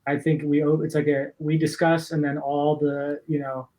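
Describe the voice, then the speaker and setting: A man's voice: fairly high pitch, little pitch movement, moderate pace, darkish tone, rough recording. A man co-hosting a casual podcast chat, earnest and enthusiastic, rambling a bit. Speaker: podcast co-host.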